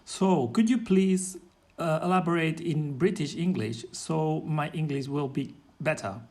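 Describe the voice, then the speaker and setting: A man's voice: on the high side, measured pace, a little mellow. A man in casual chat, speaking hesitantly, repeating and restarting words, making polite requests. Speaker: listener asking for feedback.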